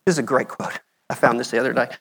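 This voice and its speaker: Middle-aged American man presenting slides; easygoing, chatty lecturer, mid-range pitch. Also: steady tone, racing, gravelly, fairly bright tone, husky. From United States. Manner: conversational, checks in with "okay?". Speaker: medical mission speaker. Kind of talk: conference talk with slides.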